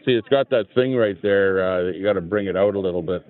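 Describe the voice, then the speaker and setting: A low-voiced man rambling through a casual live stream outdoors, greeting his chat between remarks. The sound is tinny and phone-like. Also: fast. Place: outdoor rally, sitting in a lawn chair. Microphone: small clip-on microphone.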